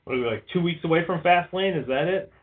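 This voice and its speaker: Heard through a thin, phone-like recording, this co-host talks fast in a voice on the high side. The chat is loose and rambling, peppered with curses and plenty of "like".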